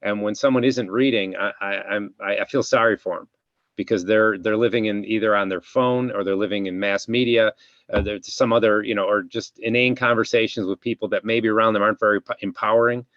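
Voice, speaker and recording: A man's voice: lowish voice, fairly even intonation, fairly quick, fairly bright tone, no room sound. A man hosting a casual interview chat, talking in a rambling, reflective way. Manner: rambling, reflective, many restarts. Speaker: podcast host, chiropractor. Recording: dull, dry lo-fi sound.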